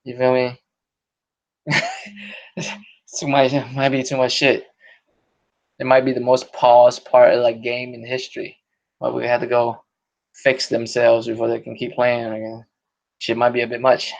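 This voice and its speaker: A man's voice: mid-range voice, monotone, normal speed, creaky. A man hosting a podcast in casual, profane, rambling chat with many restarts. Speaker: podcast host. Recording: dull lo-fi audio.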